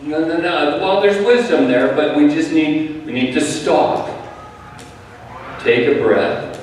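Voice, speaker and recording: A man preaching a sermon in a calm, measured way, often dropping his voice softly. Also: a little high, slight background noise. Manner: calm, measured preaching with soft drops in volume. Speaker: pastor. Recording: echoey hall, speaker far from the mic.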